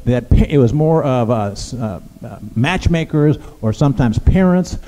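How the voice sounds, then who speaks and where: Halting preacher in a reverberant church. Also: male voice, mid-range voice, animated, dark tone. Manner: conversational, halting, many restarts. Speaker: pastor. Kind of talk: sermon. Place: church sanctuary.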